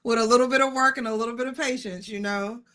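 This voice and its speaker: A middle-aged woman telling a personal story in casual chat, animated and excitable. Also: fairly high pitch, fast.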